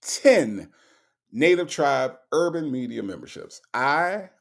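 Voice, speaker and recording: A man hosts a live stream and reads viewer messages aloud. His voice sits at an ordinary middle pitch. He talks in a loose, chatty way and keeps checking in with okay and all right. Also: expressive, moderate pace, creaky, darkish tone. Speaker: livestream host.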